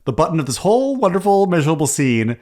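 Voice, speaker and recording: A man's voice: on the high side, sing-song, fast, darkish tone. A man co-hosting a casual podcast, chatting about a film and recapping scenes with lots of fillers. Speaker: podcast co-host.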